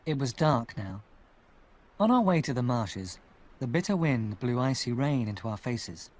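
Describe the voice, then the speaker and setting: A man narrating an audiobook in an expressive storytelling manner. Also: mid-range voice, unhurried. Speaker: audiobook reader.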